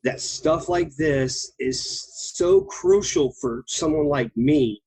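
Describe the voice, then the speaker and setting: A man sharing on a group call, halting and heartfelt, getting emotional. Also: on the high side, darkish tone, breathy edge, poor audio. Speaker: group member.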